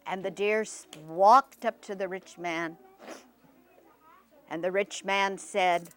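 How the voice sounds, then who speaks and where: A woman storyteller telling a folktale expressively, with dramatic pauses. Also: on the low side, fairly even intonation, clean tone.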